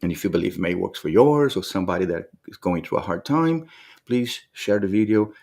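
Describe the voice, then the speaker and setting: A man with a somewhat low voice shares reflective motivational thoughts in a vlog. He talks earnestly and from the heart, often circling back and repeating words as he searches for what to say. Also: expressive, brisk, vocal fry, darkish tone. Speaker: motivational vlogger.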